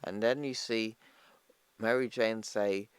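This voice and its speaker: Low-voiced man recapping a comic story. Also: fairly even intonation, slow pace, smooth, no echo. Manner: chatty, addresses viewers as "people", retells dialogue plainly. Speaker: comic book explainer channel host. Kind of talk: casual comic recap narration.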